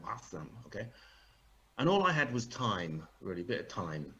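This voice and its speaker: A man's voice: lowish voice, very animated, fast talker, a bit bright. A man doing a dry, sarcastic stand-up set over a video call. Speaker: stand-up comedian.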